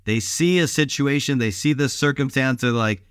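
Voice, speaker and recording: A male pastor giving a short daily devotional, preaching in a relaxed, conversational way with some filler sounds. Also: medium pitch, moderate pace, hardly any pauses, clear, resonant tone, no echo, studio quality.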